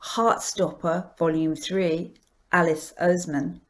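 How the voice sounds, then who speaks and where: A woman hosting an awards presentation, reading a script in a measured, deliberate way. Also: fairly low pitch, fairly even intonation. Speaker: awards host.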